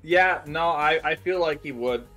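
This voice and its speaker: A man's voice: a little slow, pushed and bright, faint music behind, poor audio. A man chatting along with a game stream, joking and playful. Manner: playful, jokey, swings his pitch. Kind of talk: casual gameplay chat.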